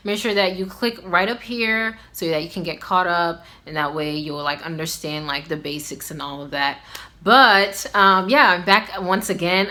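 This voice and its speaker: A woman's voice: mid-range voice, sharp tone. A young woman hosting a casual video language lesson, chatty and upbeat, with lots of filler words. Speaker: language teacher vlogger.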